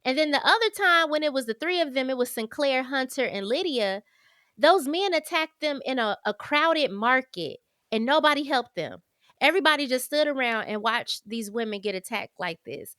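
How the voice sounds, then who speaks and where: Chatty woman podcast host, bright voice. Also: high voice, expressive, normal speed, clean tone, no echo, studio quality. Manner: chatty, candid, addresses listeners as y'all. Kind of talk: casual book review chat.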